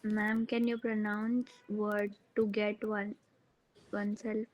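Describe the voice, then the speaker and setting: A woman student in a lesson, speaking quietly and politely from away from the mic and repeating words back to her teacher. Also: mid-range voice, little pitch movement, slow, poor audio. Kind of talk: classroom lesson.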